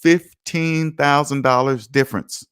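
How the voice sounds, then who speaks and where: A man's voice: a little high, unhurried, smooth. Man, finance stream host, casual, emphatic, sure of himself. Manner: emphatic and self-assured, lively swings in loudness. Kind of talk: casual livestream talk reading viewer comments. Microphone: streaming mic.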